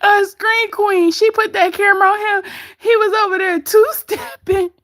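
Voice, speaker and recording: A woman's voice: very high-pitched, steady tone, moderate pace, a bit bright, dry recording, studio quality. A woman hosting a casual livestream, chatting gossip, reading viewer comments aloud and laughing often. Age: adult with grown kids. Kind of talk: casual live-stream gossip chat.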